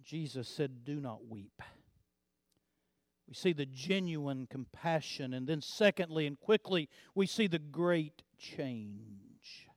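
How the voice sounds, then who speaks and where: A male pastor preaching a sermon, swinging from hushed low passages to loud emphatic build-ups, often repeating words as he builds. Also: no room sound, clean studio sound.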